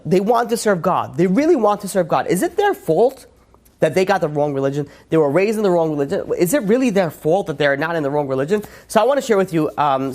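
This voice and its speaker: A man's voice on the high side, with a darkish tone, carries this religious lecture. The speaker is a rabbi teaching emphatically, posing rhetorical questions and frequently restarting.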